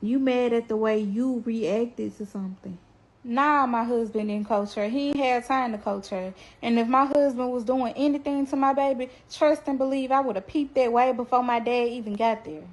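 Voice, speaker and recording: A woman's voice: fairly high pitch, steady tone, moderate pace, rough recording. Earnest, blunt woman speaking to camera. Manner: earnest, blunt and colloquial, addresses viewers directly. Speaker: mother telling her family's story to viewers. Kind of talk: casual direct-to-camera testimony.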